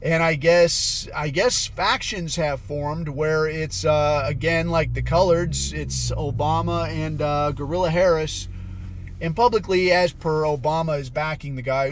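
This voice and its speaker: A man's voice: fairly high pitch, measured pace, slight background noise. A man hosting a podcast, ranting in a blunt, profane and sarcastic way. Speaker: podcast host. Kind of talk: casual commentary rant.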